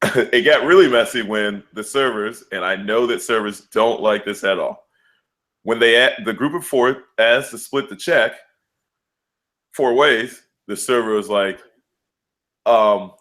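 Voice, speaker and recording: Slangy low-voiced podcast guy. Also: slow, long pauses. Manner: loose, slangy storytelling with animated quoted voices. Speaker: podcast co-host. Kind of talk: casual sports and news podcast chat.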